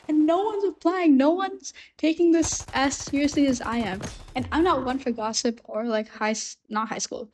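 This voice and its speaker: A woman's voice: high voice, moderate pace, a little mellow, slight background noise. A young woman at university telling a story unscripted, rambling with many fillers and restarts, still coughing from a recent illness. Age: young adult. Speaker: university student.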